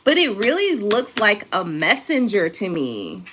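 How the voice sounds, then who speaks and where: A young woman with features, doing a casual live tarot reading. Her bright, sharp voice swings widely in pitch, chatty and quick to laugh and curse. A faint hiss sits behind her. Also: huge pitch swings. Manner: chatty, laughs often, swears, reads viewer comments aloud. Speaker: tarot reader.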